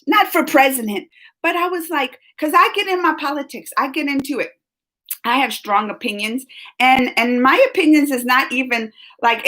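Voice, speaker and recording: A woman with a high, bright voice talks casually to her live-stream viewers. She is excitable and chatty and laughs often. Her sentences ramble, with many restarts along the way. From United States.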